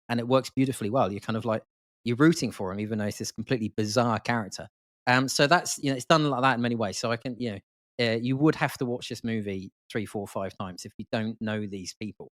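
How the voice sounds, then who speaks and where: A man, a podcast guest, explaining a film in a lively, talkative way. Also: fairly low pitch, fast talker, no room sound, clean studio sound. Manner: animated, explanatory, quotes lines from the film. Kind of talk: casual film discussion.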